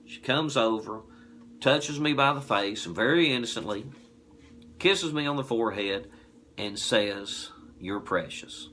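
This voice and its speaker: A man in his forties with a Southern US accent, telling a folksy, animated anecdote. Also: medium pitch, measured pace, a little hiss or hum. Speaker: distillery promoter. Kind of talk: casual anecdote.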